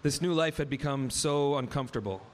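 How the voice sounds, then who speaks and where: A man's voice: medium pitch, fairly quick, slight background noise. A man in his thirties telling a personal story on stage, wry and vivid, acting out the dialogue in his own words. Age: 30s. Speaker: live storyteller. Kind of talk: first-person story told live on stage.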